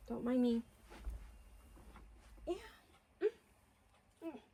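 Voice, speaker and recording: A woman's voice: fairly high pitch, drawn-out words, dark tone, slight background noise. A middle-aged woman hosting a craft video, chatting casually to her viewers and to herself as she works. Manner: chatty, talks to herself while working.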